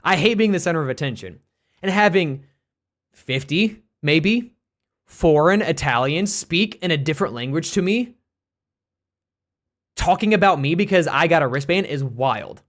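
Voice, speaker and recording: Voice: medium pitch, moderate pace, pauses often. American streamer telling a story, rambling. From United States. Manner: animated, rambling, with restarts and "like" fillers. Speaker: streamer and teacher. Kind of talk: casual storytelling on a live stream.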